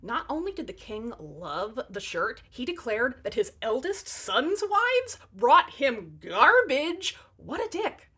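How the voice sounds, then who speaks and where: A woman's voice: sits high, very animated, takes it slowly, hardly any pauses, sharp tone, breathy edge. A woman telling fairy tales in a comic narration, with sarcastic, wry asides to the audience. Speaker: storyteller.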